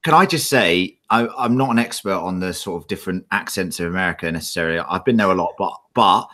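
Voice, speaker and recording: A man's voice: sits low, fast, sharp tone. An English man co-hosting a live podcast, chatting casually in a jokey, loose way. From England. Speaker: podcast co-host.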